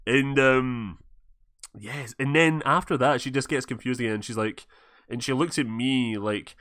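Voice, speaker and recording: A man's voice: mid-range voice, moderate pace, no echo. A man with a Scottish accent tells a story on a casual podcast, swearing freely and acting out the lines people said. His voice sits in a middling range and sounds dry and close, with no room around it. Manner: animated, swears a lot, acts out quoted lines. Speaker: podcast host.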